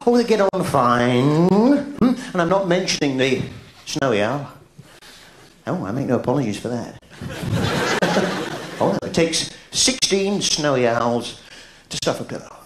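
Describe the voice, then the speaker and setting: Surreal English stand-up comic in a roomy theatre. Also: male voice, very animated, unhurried, pauses often. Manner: surreal, absurd non sequiturs punctuated by a quizzical "hmm?"; bouncy, sing-song delivery with sudden high-pitched shouts. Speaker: stand-up comedian. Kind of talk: live stand-up comedy. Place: large theatre stage. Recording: roomy theatre sound from an old video tape, with noise. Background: audience laughter.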